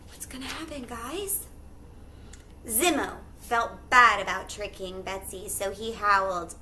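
A woman teacher reading a picture book aloud to children, pausing to ask them questions. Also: medium pitch, pushed and bright, slight background noise. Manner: pauses to ask listeners questions.

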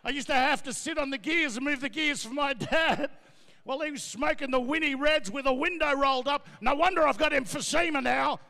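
A middle-aged man doing brash, loud stand-up as MC at a gala. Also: very high voice, vocal fry. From Australia. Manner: brash, loud, rapid riffing. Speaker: comedian and MC. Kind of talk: stand-up comedy. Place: large gala ballroom. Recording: echoey ballroom, long reverb.

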